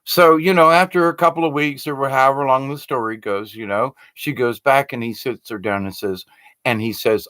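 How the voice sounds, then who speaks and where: A man's voice: mid-range voice, normal speed, no echo. Male spiritual storyteller, conversational, dry close sound. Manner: animated, conversational storyteller with frequent restarts. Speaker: spiritual teacher. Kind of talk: spoken storytelling talk.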